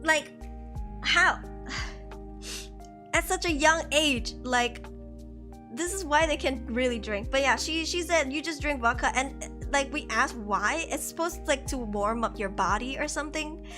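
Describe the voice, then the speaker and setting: Bright, chatty young woman streamer. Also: high-pitched, a little slow, faint music behind. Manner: chatty, laughs often, slangy. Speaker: VTuber streamer. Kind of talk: casual chat. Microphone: headset.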